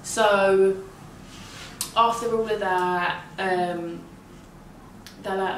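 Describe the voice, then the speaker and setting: A young woman, casually retelling a story in an animated, slangy way full of swearing. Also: lowish voice, measured pace, background noise. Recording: echoey room heard from a distance.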